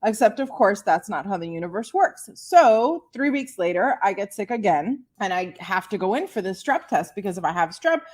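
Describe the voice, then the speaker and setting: Animated woman in her forties telling a story. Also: mid-range voice, moderate pace, hardly any pauses. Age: 40s. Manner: animated, laughs often, acts out voices. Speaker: podcast guest. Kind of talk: casual storytelling.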